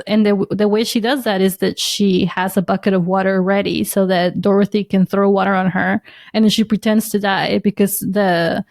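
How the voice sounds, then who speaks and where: A young adult woman, a comedian co-hosting a podcast, chatting casually and telling stories with frequent laughter. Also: medium pitch. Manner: animated, laughs often while telling stories. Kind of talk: casual chat.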